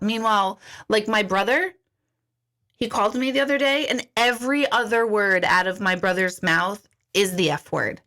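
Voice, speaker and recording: A woman's voice: mid-range voice, sharp tone. A middle-aged woman chatting casually on a livestream, answering viewer comments in a chatty, giggly way with many restarts. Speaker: intuitive coach hosting a livestream. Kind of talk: casual live chat reading viewer comments.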